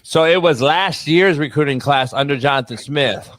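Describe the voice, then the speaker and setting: A man's voice: on the high side, normal speed, a bit bright. A man hosting a sports talk show, slangy and profane, often laughing and repeating himself. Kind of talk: casual sports chat.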